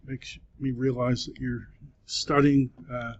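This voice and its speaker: A man teaches biblical Greek to a class at an unhurried, deliberate pace. He talks patiently and encouragingly, pausing often. The classroom recording sounds muffled and lo-fi. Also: medium pitch, little pitch movement. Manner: slow, patient, encouraging, with many "uh" pauses. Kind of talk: classroom lecture.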